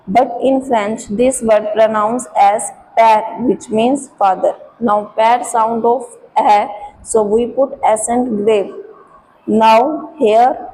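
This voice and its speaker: A woman with an Indian English accent teaching French in a school classroom, and she talks slowly, spelling out letters and sounding out words one at a time. Her voice is fairly high yet mellow. Faint noise sits under the recording. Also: steady tone, rough recording. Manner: slow, step-by-step explaining, repeating sounds and letters.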